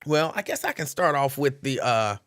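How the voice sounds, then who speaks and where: A man's voice: medium pitch, big pitch swings, moderate pace, fairly bright tone. A man hosting a live call-in stream, chatting casually, reading out viewers' names and laughing easily.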